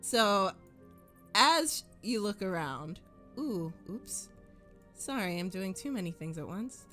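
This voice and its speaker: Lady running a tabletop game, slow and descriptive, soft music in background. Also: medium pitch, very animated. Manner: descriptive, unhurried, with fillers. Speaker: game master.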